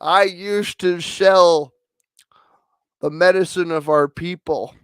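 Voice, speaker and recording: A man voicing a slow, solemn old male storyteller, with a loud, drawn-out, mock-solemn delivery. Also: high-pitched, steady tone, clear, resonant tone, no echo.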